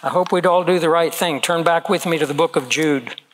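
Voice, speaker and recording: A man's voice: fairly high pitch, a little fast, slight background noise, low-quality recording. A man in his seventies preaching a sermon, telling personal stories in an earnest, conversational way. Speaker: pastor.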